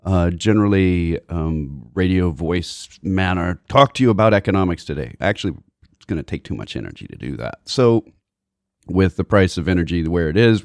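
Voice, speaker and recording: A man's voice: sits low, darkish tone, no room sound, studio quality. A young man co-hosting a finance radio show, joking and rambling with lots of ums. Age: young adult. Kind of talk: comedic finance radio chat.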